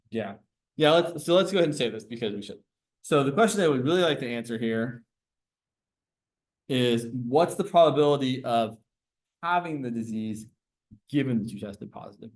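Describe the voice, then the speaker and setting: A man teaching a classroom lecture on probability, explaining step by step, asking the class questions and correcting himself as he goes. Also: mid-range voice.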